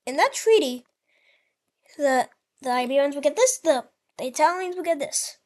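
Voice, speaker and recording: A woman's voice: high-pitched, expressive, normal speed, darkish tone. A woman hosting her channel, narrating an alternate history over a map in a casual, rambling way with frequent restarts. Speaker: channel host.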